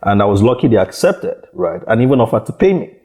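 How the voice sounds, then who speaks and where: A man with a very low, dark voice answers interview questions about building a startup. He talks in a halting way, repeating words and leaning on "you know" as he goes. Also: very animated. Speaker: startup founder guest. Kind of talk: conversational interview.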